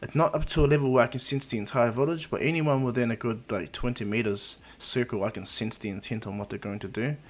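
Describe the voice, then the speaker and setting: A man voicing a brash, excitable young boy ninja who talks loud and goofy. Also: medium pitch, quick pace, few pauses, close to an everyday voice. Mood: excited.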